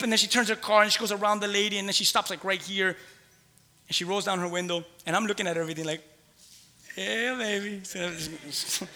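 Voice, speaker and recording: High, bright-voiced male pastor preaching. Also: long reverb tail. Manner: animated storytelling, builds to loud exclamations. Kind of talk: sermon with a personal story.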